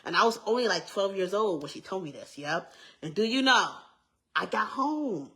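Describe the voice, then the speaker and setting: A woman's voice: medium pitch, lively intonation, normal speed, bright, forceful tone. A young adult woman giving an earnest, emphatic personal testimony in a casual way, repeating herself and adding asides. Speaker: vlogger sharing a testimony.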